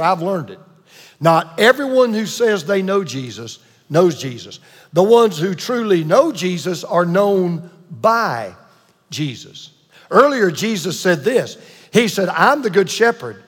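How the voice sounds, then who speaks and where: A man in his sixties preaching a sermon as a pastor, emphatic, with dramatic pauses and asides to the congregation. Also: sits high, slightly rough, in a large hall.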